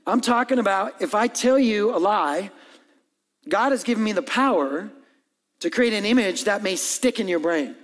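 Pastor, male, lively sermon delivery with playful asides, higher voice, big echoing church. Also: moderate pace. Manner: animated, acts out dialogue and jokes with the congregation. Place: church hall with long reverb.

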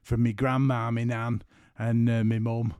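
A level, mid-range voice with a slightly mellow, clean tone belongs to a middle-aged podcast host and photographer speaking at a measured pace. Recording casually at home after work, he rambles, jokes and keeps cutting himself off mid-sentence, and the studio sound is clean with no room sound.

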